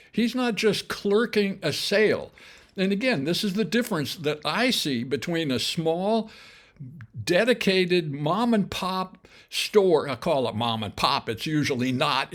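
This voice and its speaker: An older man hosting a show, casually telling his own business history in a chatty, wry way, full of asides and self-corrections. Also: sits high. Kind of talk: casual spoken memoir storytelling.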